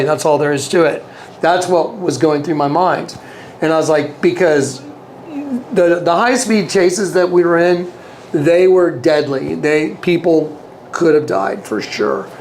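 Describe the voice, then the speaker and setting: Here the man's voice runs on the high side at normal speed, with a slight hiss or hum. An earnest interview guest, he tells a casual personal story, repeating himself often and acting out what people said.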